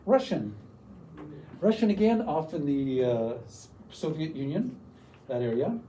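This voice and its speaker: A man giving a lively teacher workshop, demonstrating foreign words and sounding them out for the room. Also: a little high, unhurried, far from the mic, a little hiss or hum, low-quality recording. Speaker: workshop presenter. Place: lecture room.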